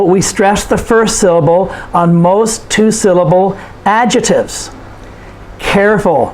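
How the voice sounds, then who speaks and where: A man teaching an English pronunciation lesson, speaking slowly and patiently and repeating words for learners to copy. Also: sits high, darkish tone, a little hiss or hum, poor audio. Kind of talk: slow, deliberate lesson to learners.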